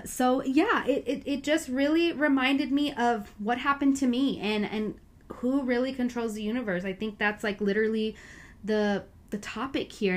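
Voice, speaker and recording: Woman, casual Bible talk, earnest and chatty, a touch high-pitched. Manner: chatty, earnest, full of "you know" and "like". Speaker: Bible study speaker.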